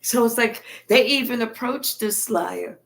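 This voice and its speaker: High-voiced woman giving a spiritual reading. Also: unhurried, gravelly. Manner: animated, profane storytelling, acting out quotes. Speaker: tarot reader.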